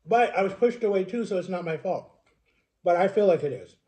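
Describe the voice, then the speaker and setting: A man in his thirties shares his life story to camera with a high, darkish voice, lively intonation and a fairly quick pace. As a vlogger, he rambles earnestly and emotionally, often checking in with "right?".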